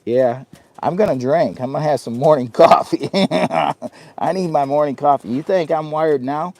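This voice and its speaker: A man's voice: on the high side, moderate pace, darkish tone, no echo. A man chatting on a live stream from a heated winter tent, rambling and laughing often at himself. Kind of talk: casual live-stream chat.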